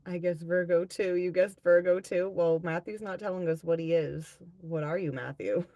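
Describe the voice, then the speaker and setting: A woman's voice: lowish voice, fairly even intonation, moderate pace, mellow, no echo, studio quality. A woman hosting a live tarot-reading stream, chatting casually with viewers, reading out their comments and swearing freely.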